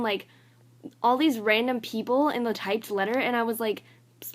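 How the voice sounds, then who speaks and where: A woman's voice: a little high, normal speed, long pauses. A young woman, a college student, venting to her phone camera in a casual vlog, rambling and filling nearly every phrase with "like". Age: young adult. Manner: rambling, filler-heavy, says "like" constantly; annoyed and exasperated.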